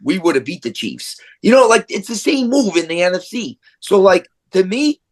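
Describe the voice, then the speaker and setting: A man's voice: high voice, very animated, normal speed. A man on a sports podcast giving his opinions and rambling with lots of fillers. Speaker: podcast co-host. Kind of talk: casual sports chat.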